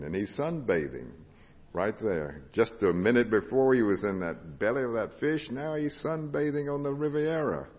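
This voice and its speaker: Lower-voiced man preaching in a reverberant hall. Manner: rises to loud proclamation, drops to hushed tones; asks the congregation questions. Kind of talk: sermon. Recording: lo-fi recording with long hall reverb.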